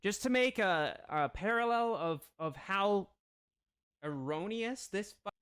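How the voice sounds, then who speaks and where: A man's voice: high-pitched, lively intonation, slow pace, fairly bright tone, clean tone. A man hosting a livestream, launching into a profane, confrontational rant. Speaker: livestream host. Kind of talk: profane ranting livestream commentary.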